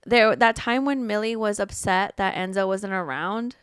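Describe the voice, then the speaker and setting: A woman co-hosting a book podcast, recapping scenes in relaxed casual chat with quoted lines. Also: medium pitch, moderate pace, clean tone, dry recording, clean studio sound. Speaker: podcast co-host.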